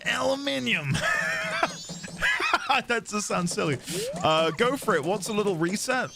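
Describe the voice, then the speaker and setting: A man's voice: high-pitched, background noise. A man chatting playfully on a game livestream, reading chat aloud and laughing often. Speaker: livestreaming gamer. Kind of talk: casual live-stream chat.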